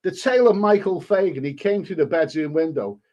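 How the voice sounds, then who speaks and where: A man's voice: on the high side, animated, brisk, a little mellow. A man hosting a live stream, reading a story aloud in a casual way and breaking off to answer the chat.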